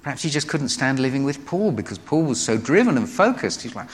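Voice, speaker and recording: A man's voice: mid-range voice, very animated, fairly quick, hardly any pauses. A man giving a sermon, telling Bible stories with acted-out quotes. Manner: storytelling, acts out quoted voices. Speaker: preacher. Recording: long hall reverb.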